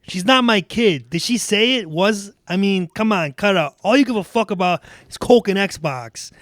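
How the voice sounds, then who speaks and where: A man's voice: high-pitched, expressive, normal speed, fairly bright tone, dry recording, clean studio sound, pitched above the performer's own voice. A man reading as a fed-up robber quitting. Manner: blunt, cursing. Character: fed-up male robber wanting out, blunt. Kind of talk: fan reading of film dialogue.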